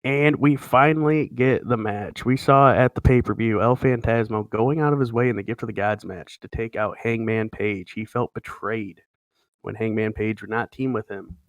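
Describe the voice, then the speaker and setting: On a podcast, a man with a medium-pitched voice chats casually as he runs through wrestling results. His delivery is easygoing, like a play-by-play announcer, and the recording is dry.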